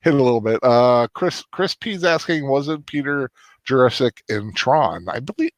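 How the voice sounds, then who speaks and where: A man hosting a casual fan stream, talking in a halting way with many restarts. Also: mid-range voice, lively intonation, no room sound. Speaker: host of a fan stream show. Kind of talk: casual chat.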